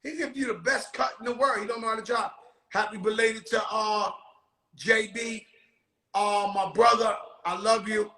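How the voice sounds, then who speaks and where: Loud, bright-voiced rowdy man host. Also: high voice, fairly even intonation, moderate pace, reverberant, low-quality recording. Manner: rowdy, profane storytelling with shouted bursts. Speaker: show host. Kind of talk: casual chat.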